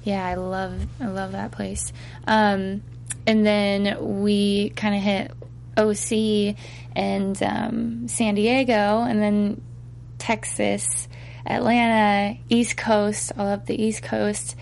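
A woman singer chats slowly and unhurriedly in an interview, pausing often and filling gaps with little hums and laughs. A faint hum sits behind her voice. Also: medium pitch, level tone, creaky, darkish tone. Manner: hesitant, pauses with many fillers, laughs easily. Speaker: singer guest. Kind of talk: casual interview chat.

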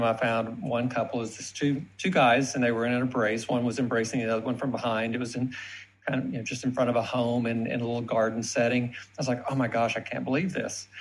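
A man's voice: mid-range voice, poor audio. A man with a thick Texas accent, a guest telling an easygoing story in an interview. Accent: Texan. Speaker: guest, photo collector.

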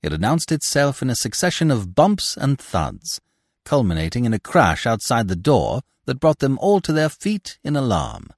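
A man narrating a classic novel for a podcast in a theatrical, expressive manner, close to the mic. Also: medium pitch, moderate pace, no echo.

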